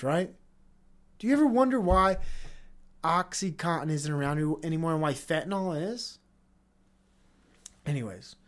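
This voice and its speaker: Profane ranting male podcaster. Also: a little high. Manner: profane, heated, rambling with restarts. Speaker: podcast host. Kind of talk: unscripted stream-of-consciousness rant.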